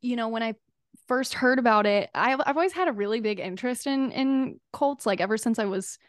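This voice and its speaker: Animated, rambling woman, dry sound. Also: fairly high pitch, fairly quick, no echo. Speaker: podcast host. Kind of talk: casual podcast conversation.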